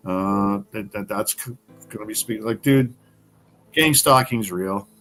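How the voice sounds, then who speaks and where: A man from Canada, a podcast guest, talking bluntly in casual conversation with heavy swearing and sudden animated bursts. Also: on the low side, measured pace, soft background music.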